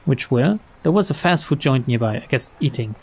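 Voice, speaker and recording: A young man reading a visual novel aloud, mixing flat narration with casual, chuckling asides. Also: mid-range voice, fairly quick, slightly rough. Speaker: let's player.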